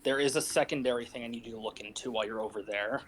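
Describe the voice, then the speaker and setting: A man voicing a measured male camp leader in a tabletop role-play game, speaking in a calm, deliberate and commanding way. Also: mid-range voice, slight background noise, natural voice. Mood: firm.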